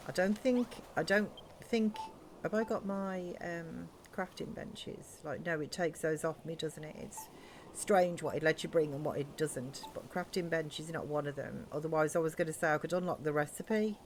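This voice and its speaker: Woman streamer, lowish voice, rambling live-game chat, faint hiss behind. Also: normal speed. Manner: chatty, rambling, thinks aloud with many ums. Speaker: streamer playing a building game.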